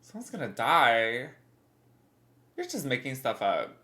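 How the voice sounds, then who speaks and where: Woman, twenties, livestreamer, congested, rambling casual chat, bright tone. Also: a bass voice, sing-song, measured pace. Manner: rambling, chatty, answering chat.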